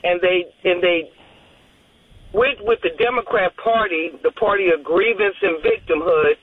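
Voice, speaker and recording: A woman's voice: fairly low pitch, unhurried, husky, dry recording. Woman rambling on a tinny phone line. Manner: rambling, loses her train of thought. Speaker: radio show caller. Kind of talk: call-in phone conversation.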